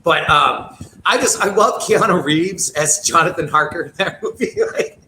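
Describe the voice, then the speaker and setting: A man with a fairly high voice chats loosely about films, rambling and swearing as he goes. He sounds like he's in an echoey room. There's steady noise behind him. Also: normal speed. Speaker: podcast co-host. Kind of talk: casual horror podcast chat.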